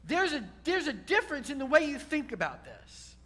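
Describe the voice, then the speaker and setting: A man's voice: very high voice, wildly swooping pitch, moderate pace, pushed and bright. A man, a rabbi, preaching a sermon to a congregation, repeating key words and building to emphatic peaks.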